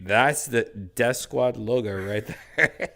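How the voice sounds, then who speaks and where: A man's voice: medium pitch, slow, vocal fry, fairly bright tone. A man hosting a podcast, telling rambling, profane stories with acted-out quotes. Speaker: podcast host. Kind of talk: casual podcast chat.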